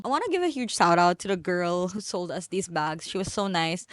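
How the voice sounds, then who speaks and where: A woman's voice: fairly low pitch, expressive, moderate pace, hardly any pauses, dry recording, clean studio sound. Bubbly Filipino woman gushing about shopping. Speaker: vlogger. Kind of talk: casual haul vlog.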